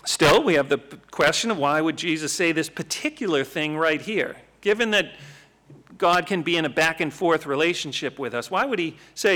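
A man giving an animated, conversational Bible teaching, with frequent rhetorical questions. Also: fairly high pitch, moderate pace.

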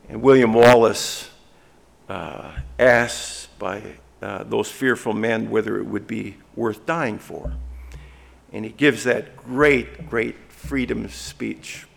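A man preaching a sermon as pastor, swinging from hushed, soft phrases to loud, emphatic ones. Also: lowish voice, vocal fry.

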